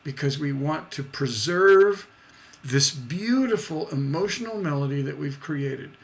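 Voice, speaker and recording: Slow-talking man teaching songwriting. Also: fairly high pitch, expressive, creaky. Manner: scats rhythms and sings snippets to demonstrate; slow, deliberate explaining. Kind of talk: songwriting lesson, livestream.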